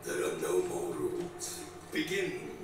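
A formal contest announcer. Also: male voice, low-pitched, wildly swooping pitch, a little slow, noisy background, full character voice. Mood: declaring. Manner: formal, declaiming, exotic-sounding accent. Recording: echoey, distant, over loud game music.

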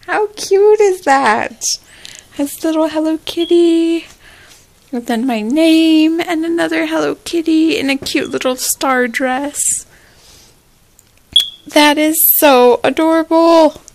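A woman vlogger chatting casually through an unboxing, gushing and excitable, with squealing exclamations. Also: sits high, slow pace, a little hiss or hum.

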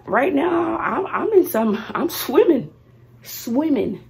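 A middle-aged woman, a teacher talking casually to her viewers. She is playful and swings from loud to hushed while she talks to herself. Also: high-pitched, very animated, takes it slowly, vocal fry. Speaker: vlogger, teacher. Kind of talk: casual vlog talk to viewers.

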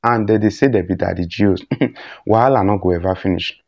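A man with a Nigerian accent runs a casual commentary vlog and keeps checking in with his viewers. His voice is dark and mellow, and the recording sounds dull and lo-fi. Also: low voice, a little fast, creaky. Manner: chatty, often asks "you understand?". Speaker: news commentary vlogger.

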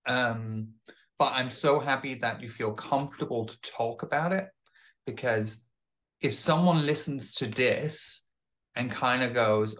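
A man hosting an interview podcast, speaking gently and supportively to his guest. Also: medium pitch, a little slow, poor audio. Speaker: podcast host. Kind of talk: interview talk.

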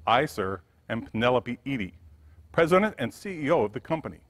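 Man putting on a gracious rich businesswoman, raised voice, polite yet firm, lively lilt, reverb of a church hall. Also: mid-range voice, brisk. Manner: polite, gently insistent. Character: wealthy kind businesswoman, middle-aged, gracious and firm.

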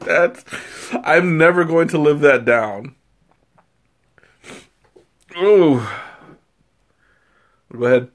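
Guy on a tea livestream, kinda high voice, giggly and rambly, nose running from the spice. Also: drawn-out words, pauses often. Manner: giggly, rambling and self-mocking. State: runny nose from spicy tea. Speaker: live-stream tea taster. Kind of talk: casual live-stream chat.

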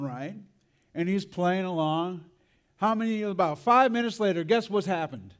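A man's voice: on the high side, expressive, normal speed. A man preaching a sermon, telling a personal story in a conversational way and tagging his lines with "right?" and "man".

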